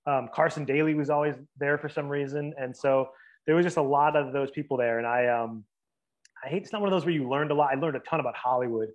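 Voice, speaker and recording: A man's voice: on the high side, fast, lo-fi sound. A man in his forties, a writer from the Boston area and New Jersey, chatting casually as an interview guest, rambling with lots of fillers and restarts.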